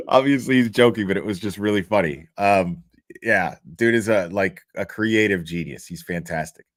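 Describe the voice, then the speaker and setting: A man's voice: fairly low pitch, moderate pace, no echo. A man hosting a show, giving casual commentary on a played video in a chatty, profane way and laughing often. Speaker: host.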